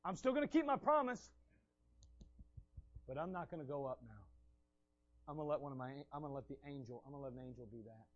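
Preacher playing a grieved divine father, quiet and deliberate, slightly muffled sound. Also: very high voice, expressive, voice pushed up. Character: God, a grieved yet resolute divine father.

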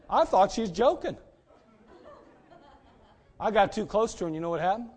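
Lively, emphatic preaching man. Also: high voice, normal speed, pauses often, husky, some chatter behind. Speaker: pastor. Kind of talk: sermon.

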